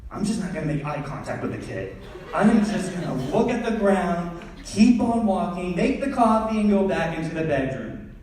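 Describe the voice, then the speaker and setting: A man's voice: lively intonation, normal speed. Brief: jittery middle-aged dad muttering under his breath, put on by a man, echoey hall from far off. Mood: nervous mutter. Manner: low hushed muttering.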